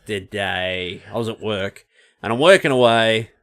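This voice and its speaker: A man with an Australian accent hosting a casual podcast chat, joking around and slipping into quick silly voices. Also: fairly low pitch, a bit bright. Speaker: podcast host.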